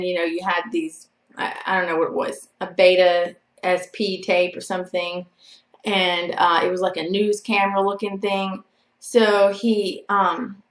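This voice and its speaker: A woman with a mid-range, fairly bright voice tells her viewers a personal story in an echoey room. This vlogger's casual storytelling to camera is chatty and rambling, packed with "like" and "you know."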